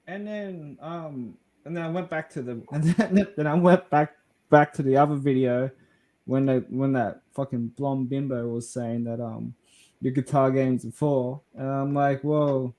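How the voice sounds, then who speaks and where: A man's voice: medium pitch, unhurried, mellow. A young Australian man, a podcast co-host, telling a crude story in casual chat, swearing and laughing as he goes.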